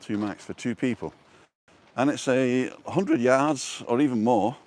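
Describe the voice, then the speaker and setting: A man's voice: mid-range voice, measured pace, darkish tone. A man hosting a casual walking vlog outdoors, chatting and reading out viewer comments, recorded on a wireless lapel mic. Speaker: vlogger host. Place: outdoors on a seafront promenade.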